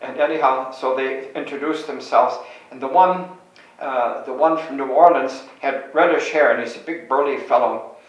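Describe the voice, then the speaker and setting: Older priest telling stories in an echoey room. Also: male voice, mid-range voice, moderate pace, dull audio. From Chicago, USA. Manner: meandering, self-correcting storyteller. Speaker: Catholic priest. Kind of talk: reminiscing anecdotes. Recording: very echoey room, distant mic.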